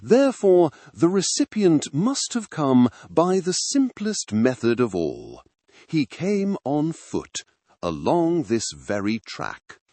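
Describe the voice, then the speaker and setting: A man's voice: fairly high pitch, wildly swooping pitch, takes it slowly, warm tone, no echo, pitched above the performer's own voice, full character voice. A man voicing a cool-headed male detective in an audiobook reading, giving clipped, deductive pronouncements. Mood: intent.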